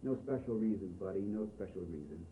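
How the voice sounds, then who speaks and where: A blunt, wry young man, as a male reader plays him, talking low and quietly in a brotherly way. The recording sounds phone-thin, with echo off the walls. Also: animated, fairly quick, distant mic. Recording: echoey, phone-like, faint hiss.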